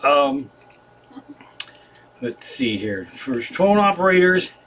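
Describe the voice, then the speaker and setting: A man's voice: on the high side, very animated, slow, fairly bright tone, a little hiss or hum. A man doing a rambling, profane stand-up monologue from his living room on a livestream. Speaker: comedian.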